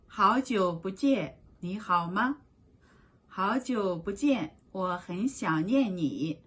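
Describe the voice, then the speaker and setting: A woman teaching a beginner language class, slowly repeating short phrases for learners. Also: medium pitch, animated, a bit bright, husky.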